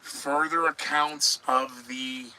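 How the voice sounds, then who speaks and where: Middle-aged male podcast host, sarcastic news commentary, very bright, sharp tone, rambling asides to viewers. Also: fairly high pitch, fairly even intonation, takes it slowly, rough recording.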